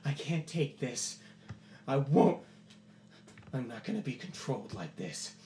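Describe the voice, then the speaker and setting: A man's voice: medium pitch, normal speed, slight background noise, lightly acted. A man voicing a tormented man losing control of his magic, who cries out and pushes back in defiance. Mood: defiant. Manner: panicked, then defiant.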